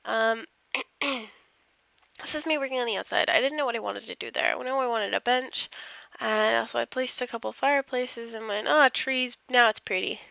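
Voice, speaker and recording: A woman's voice: a little high, normal speed, gravelly, a bit bright, no echo. A woman casually narrating over her game build, rambling and self-deprecating, yawning as she goes. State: tired, yawning.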